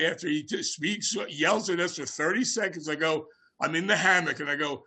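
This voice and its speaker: A man's voice: fairly high pitch, moderate pace, husky. A man hosting a podcast interview, telling casual, rambling anecdotes with plenty of fillers and restarts. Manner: rambling anecdotes with many fillers, shouting out quoted lines. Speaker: podcast host.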